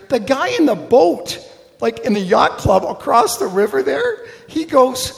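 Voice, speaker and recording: A man preaching a sermon, telling personal stories with animated, self-mocking humor and acted-out voices. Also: extremely high pitch, moderate pace, gravelly. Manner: animated storytelling, acting out voices, laughing at himself. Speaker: pastor. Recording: long hall reverb.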